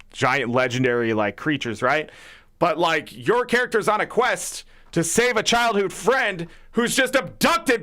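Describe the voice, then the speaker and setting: Male streamer host with a high, bouncy voice, swearing through a heated casual rant. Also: sharp tone. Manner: profane, heated ranting with rhetorical questions. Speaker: livestream gaming host.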